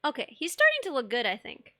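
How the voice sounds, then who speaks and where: A young woman streamer with a bright, high voice chats casually and rambles in a bubbly way, laughing often. Her sound is dry and close to the mic, with no room around it. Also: wildly swooping pitch, fast talker, no room sound. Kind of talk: casual chat while sculpting.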